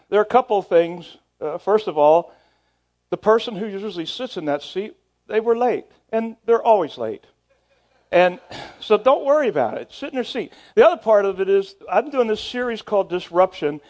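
A man's voice: on the high side, a little mellow. A middle-aged male pastor telling a story in a sermon, casual and self-deprecating, often repeating and restarting words.

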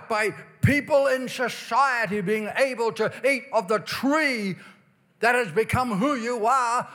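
Male preacher, high-pitched, emphatic sermon delivery with slow stressed words. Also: sharp tone. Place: church during revival meeting.

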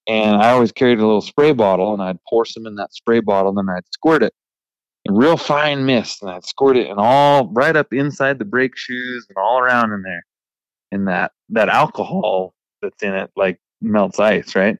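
A man's voice: fairly low pitch, moderate pace, clear, resonant tone, no echo, dull audio, lightly acted. A man voicing a cheerful, friendly trucker buddy who gives easygoing advice. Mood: explaining. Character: chipper friendly older trucker buddy, male.

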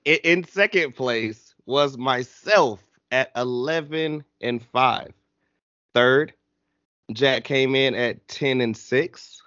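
A man hosting a casual sports podcast, talking slowly and reading through a list in a steady, even way. The sound is dull and lo-fi, dry with no room echo. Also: medium pitch. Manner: slow, listing rankings in a steady read. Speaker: podcast host.

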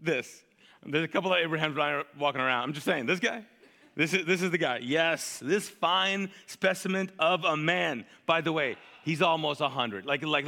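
A male pastor preaching in a chatty, animated way, asking the congregation to fill in words. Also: a little high, long reverb tail. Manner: conversational, animated, asks the crowd to fill in words. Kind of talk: sermon.

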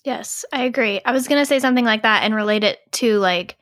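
A woman's voice: fairly high pitch, fast, fairly bright tone, no echo, studio quality. A woman co-hosting a marketing podcast, chatty and eager as she joins in. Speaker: podcast co-host. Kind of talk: casual podcast chat.

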